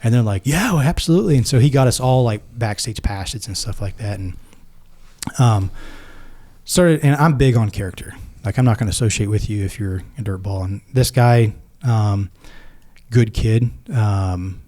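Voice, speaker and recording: A middle-aged man, a former Navy SEAL, telling stories casually and acting out the quoted lines in a lively way. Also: on the low side, normal speed. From United States. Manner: animated, acts out quoted dialogue. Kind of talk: casual storytelling.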